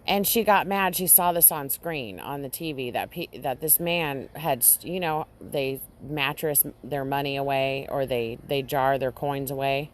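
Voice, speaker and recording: A woman vlogger casually recounting a dream to her audience, halting often and restarting her sentences. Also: low-pitched. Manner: halting, with frequent restarts and fillers. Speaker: Christian vlogger.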